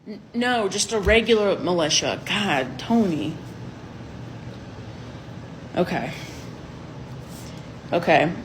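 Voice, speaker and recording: A woman playing a brisk, impatient male leader chairing a meeting. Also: lowish voice, animated, slight background noise, low-quality recording.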